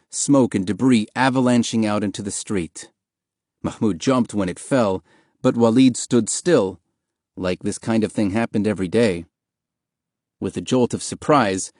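A man narrating an audiobook in a steady, measured storytelling manner, recorded on a close studio mic. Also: fairly low pitch, no echo.

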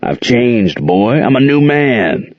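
A man voicing a smug, menacing man with a gravelly voice in a story reading. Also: medium pitch, very animated, slow pace, no echo, pitched above the performer's own voice. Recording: dull lo-fi dry recording.

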